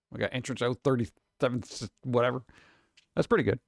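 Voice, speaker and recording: A man chatting casually on a stream, reading headlines and memes aloud and answering them with sarcastic, animated asides. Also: medium pitch, moderate pace, gravelly, no echo, studio quality. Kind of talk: casual live-stream chat.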